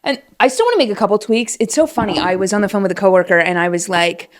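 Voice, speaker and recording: A woman in her late twenties hosting her own podcast from home, chatting in a rambling, animated, casual way. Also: mid-range voice, fast talker. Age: late 20s. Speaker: podcast host. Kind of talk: casual solo podcast chat. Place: room at home. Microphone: set-up podcast mic at home.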